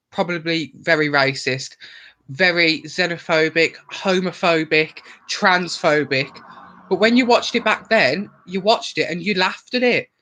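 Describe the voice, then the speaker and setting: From the Worcestershire area in England, a channel host in his twenties talks casually to the camera with a light Birmingham accent, swearing freely and airing his opinions. His high-pitched voice is bright and forceful, with poor audio.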